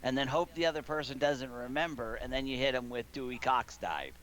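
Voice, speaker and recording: A man's voice: medium pitch, a little fast, a bit bright. A man in his thirties, gaming streamer, telling a rambling story in casual chat from his living room and laughing often.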